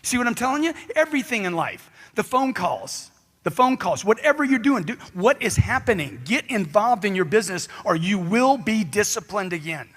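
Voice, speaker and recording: A man giving a live motivational speech into a handheld mic, loud and punchy, firing off rhetorical questions. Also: high voice, animated, brisk, hardly any pauses, big-room sound. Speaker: motivational speaker.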